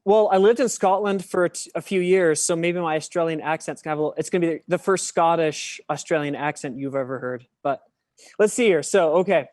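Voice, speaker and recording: A man's voice: fairly high pitch, fairly quick, a little mellow, no room sound, studio quality. A man, a podcast guest talking in a chatty, self-deprecating way. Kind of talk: casual podcast interview.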